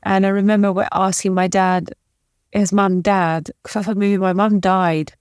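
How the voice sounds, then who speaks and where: A woman from the former Yugoslavia, a guest in an interview, telling a personal story in a halting, emotional way with restarts. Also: mid-range voice, flat delivery, a little mellow, clean tone, no echo, clean studio sound. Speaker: podcast guest.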